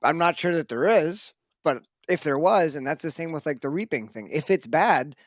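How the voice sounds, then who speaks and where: A man co-hosts a casual podcast and speaks earnestly, pressing others to explain their reasoning. His voice sits a little high and sounds dry and close-miked. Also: expressive, moderate pace, dry recording.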